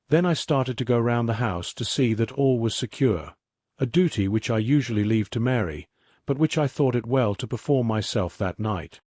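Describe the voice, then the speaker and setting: A man reading a classic mystery aloud as a sleep story in a measured, even way. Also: mid-range voice, no echo, studio quality. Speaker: audiobook narrator. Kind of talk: scripted sleep-story narration.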